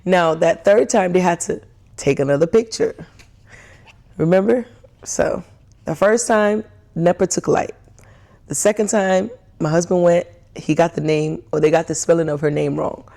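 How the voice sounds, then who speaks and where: A woman's voice: on the low side, normal speed, creaky. A young woman telling a frustrated story in a casual rant, often laughing and acting out what people said. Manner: animated, laughs often, acts out quoted dialogue. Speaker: vlogger.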